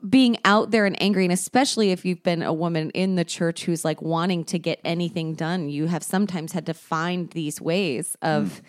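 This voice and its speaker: A woman's voice: lowish voice, fairly even intonation, moderate pace, hardly any pauses, dry recording, clean studio sound. A woman co-hosting a podcast in casual chat, talkative and self-deprecating, laughing often as she tells stories. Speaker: podcast co-host.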